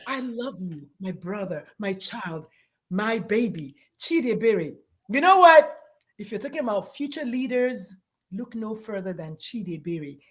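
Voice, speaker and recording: A woman's voice: medium pitch, animated, measured pace. A woman pediatrician speaking as a guest, giving passionate and emphatic praise.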